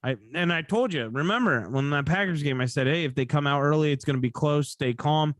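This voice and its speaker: A man's voice: fairly high pitch, fairly quick, no echo, clean studio sound. A man hosting a casual sports betting podcast, sleepy and yawning, rambling and correcting himself as he talks. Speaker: podcast host.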